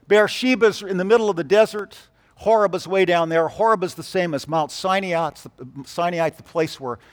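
A man preaching a sermon, telling stories and moving between hushed and emphatic delivery. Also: sits high, in a large hall. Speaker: pastor.

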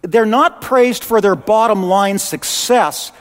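A man preaching in an animated, conversational way. His voice sits high, and a long church reverb trails after each phrase. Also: slow. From Canada. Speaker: pastor. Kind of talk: sermon.

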